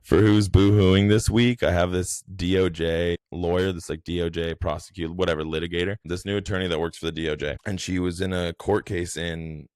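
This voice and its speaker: A young man with a low-pitched voice talks through news in rambling, profane commentary. His tone is mocking and loose. The recording is dry and close-miked. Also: steady tone, brisk, few pauses, darkish tone, clean tone, no echo. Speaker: podcast host. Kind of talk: casual commentary.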